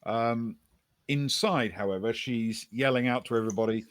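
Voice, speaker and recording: A man narrating as game master of a tabletop role-playing game, telling the scene in a relaxed way with fillers and the odd chuckle. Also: mid-range voice, moderate pace, no room sound.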